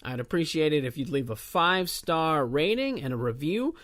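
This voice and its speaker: A man's voice: a little high, sing-song, normal speed, a bit bright. A man hosting a comedy podcast, talking casually through announcements with frequent filler words and loose, rambling asides. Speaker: podcast host. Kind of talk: solo podcast intro announcements.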